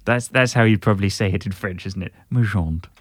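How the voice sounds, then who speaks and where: A man voicing a flustered, agreeable male sidekick on an improvised comedy podcast, stammering and quick to agree. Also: on the low side, fairly even intonation, no room sound, pitched below the performer's own voice, natural voice.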